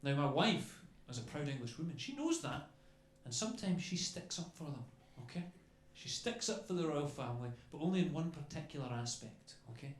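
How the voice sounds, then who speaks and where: A man's voice: fairly high pitch, big pitch swings, fairly quick, hardly any pauses. A man doing a stand-up comedy set on a club stage, rambling and chatty, tagging lines with "okay?" and "you know". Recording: echoey club room with faint noise.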